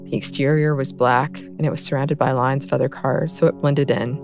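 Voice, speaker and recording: Low-voiced woman narrating a story. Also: steady tone, normal speed. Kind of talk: scripted audiobook narration. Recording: narration over clear music bed.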